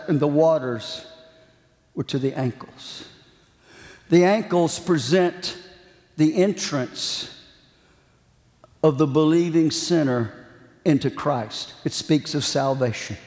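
A man's voice: on the high side, a little mellow. A man preaching a sermon, telling a story and then building into fervent, rising preaching. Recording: echoey hall with long reverb.

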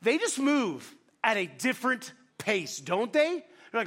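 A middle-aged male pastor preaching a sermon in a lively, self-deprecating storytelling manner, talking fast and animated. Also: sits high.

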